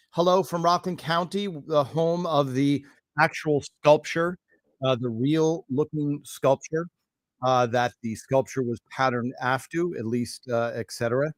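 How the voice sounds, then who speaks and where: A man's voice: a little high, fairly bright tone, no echo. A man hosting a live stream from home, greeting viewers one by one in a loose, enthusiastic, rambling way and talking to himself between hellos. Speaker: host.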